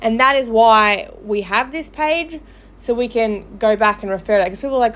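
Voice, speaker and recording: A woman's voice: fairly high pitch, normal speed. A woman who hosts a gossip page, ranting angrily and swearing on a livestream. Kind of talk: livestream commentary.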